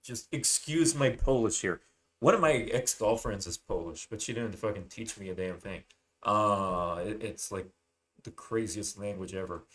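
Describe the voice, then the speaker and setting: A man with a fairly low voice talks his way through a loose, casual monologue as a channel host. He drifts from point to point, swears freely and fills pauses with "um" and "uh". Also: fairly bright tone. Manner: rambling, heavy swearing, many fillers.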